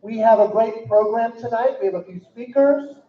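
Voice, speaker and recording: A man's voice: extremely high pitch, normal speed. A man giving a cheerful, joking welcome speech to a crowd at an indoor event. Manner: upbeat, joking. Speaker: regional chief executive welcoming guests. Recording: echoey, dull hall recording from far off.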